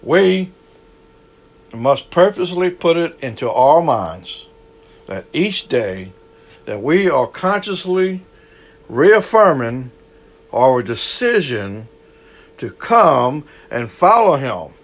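Man, preacher, sermon, slow deliberate delivery, fairly high voice, dramatic loud-to-soft swings. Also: big pitch swings. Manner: dramatic swings between loud high bursts and low quiet asides.

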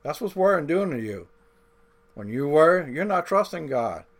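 A man's voice: fairly high pitch, very animated. A male pastor delivering a sermon, drawing out key words and repeating points, with folksy grammar. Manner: deliberate, drawn-out emphasis with folksy grammar.

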